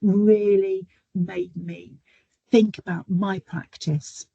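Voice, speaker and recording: Slow and fairly even, her medium-pitched voice is creaky, warm, and husky, in a dry, lo-fi recording. She's a middle-aged nurse educator guest-speaking on a webinar over a video call, telling stories chattily with plenty of ums.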